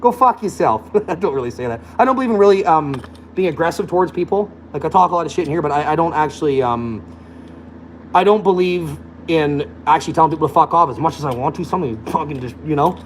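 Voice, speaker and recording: A man's voice: fairly high pitch, animated, fast, slight background noise, rough recording. A man delivering a blunt, profane, scornful rant to camera as a vlogger. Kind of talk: profane ranting monologue.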